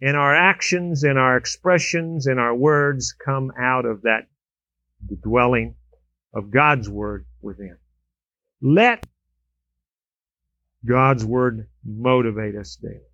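A man preaching a sermon, telling humorous everyday stories with animated swings in pitch and loudness. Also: slow, long pauses, no room sound. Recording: dull, lo-fi dry recording.

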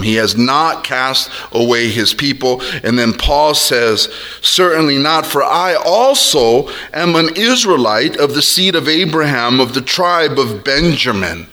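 A man preaching a sermon as a pastor, drawing out his words and dropping his voice low when he quotes others. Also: pushed and bright. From Arab heritage.

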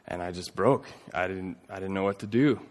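A man in his thirties preaching a sermon, telling a story earnestly, rising to emphatic points and dropping to a hush. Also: low-pitched, a little fast. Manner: earnest storytelling, swings between emphatic and hushed. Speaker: pastor. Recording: long reverb of a large hall.

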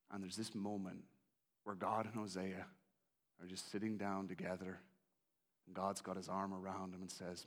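A man preaching a sermon in a conversational, animated storytelling style. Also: low voice, moderate pace, long pauses. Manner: animated, conversational, acts out characters.

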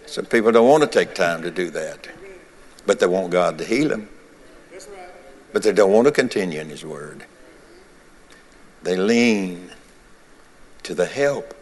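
A man with a low voice preaches a sermon in a church, his words trailing into a long, ringing reverb. He talks in a rhythmic cadence and repeats his key lines over and over. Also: lively intonation, a little slow, long pauses. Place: church sanctuary.

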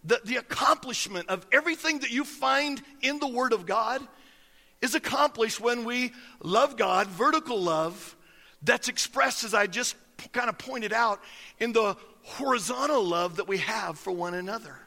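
A man's voice: extremely high pitch, normal speed, gravelly, sharp tone, in a large hall. A man preaching a sermon as pastor, folksy and emphatic, telling stories to his congregation.

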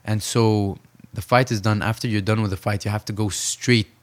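A young man, a professional boxer, telling an intense story in a conversational interview and slowing down to stress his key points. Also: fairly low pitch, steady tone. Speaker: professional boxer, podcast guest.

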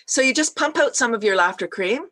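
A woman guest who leads laughter yoga, chatting casually and laughing often as she tells animated stories. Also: a little high, fairly quick, slight background noise. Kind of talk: casual podcast chat.

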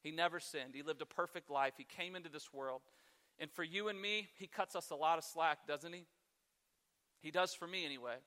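Bright-voiced pastor preaching in a hall. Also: male voice, fairly high pitch, brisk. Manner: conversational, self-deprecating, acts out his own huffy grumbling. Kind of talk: sermon.

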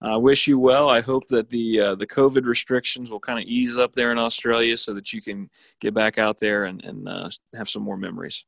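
A man's voice: medium pitch, fairly even intonation, brisk, creaky, few pauses, dry recording. An American man hosting a podcast, talking in a friendly, hesitant way with many fillers. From United States. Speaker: podcast host. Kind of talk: casual interview chat.

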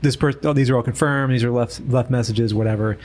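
A man's voice: mid-range voice, quick pace. A man, co-hosting a casual podcast chat and acting out the voices of people in his stories. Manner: animated storyteller, acts out quoted voices. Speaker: co-host.

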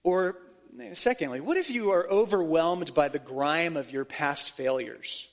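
A man's voice: fairly high pitch, expressive, measured pace. A man preaching a sermon as pastor, earnest and emphatic, repeating phrases to drive points home.

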